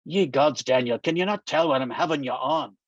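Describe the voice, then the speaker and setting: A man putting on a droll, gruff older man. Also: medium pitch, fairly quick, no echo, pitched below the performer's own voice, lightly acted. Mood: teasing. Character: teasing older Scottish man, dry and wry. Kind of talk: reading a novel aloud. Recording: dull, muffled dry sound.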